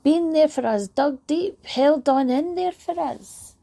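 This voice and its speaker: Woman speaker, motivational talk, storytelling delivery, dark slightly gravelly tone. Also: high-pitched, takes it slowly. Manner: warm anecdotal storytelling, laughs lightly.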